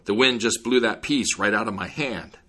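Bluster and bulk: man doing gruff storybook giants, low husky tone, lots of swing in the pitch. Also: moderate pace, a bit bright. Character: three huge brutish male giants.

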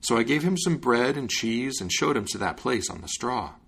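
A man voicing a nervous miller's wife in a fairy-tale reading, talking fast to cover up her secret. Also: medium pitch, expressive, gravelly, a bit bright, breathy edge, heavily acted.

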